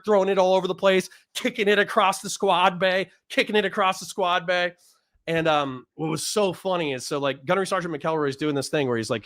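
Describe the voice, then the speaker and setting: A man with a fairly high voice tells stories to his livestream audience in a casual, profane way. He is animated and repeats phrases to drive his point home. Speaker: livestream host and Marine veteran.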